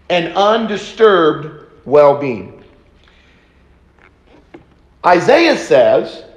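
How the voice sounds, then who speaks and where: Brief: male preacher, high voice, slow and deliberate, echoey church hall. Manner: slow, deliberate teaching with repeated phrases. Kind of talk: sermon. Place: church auditorium.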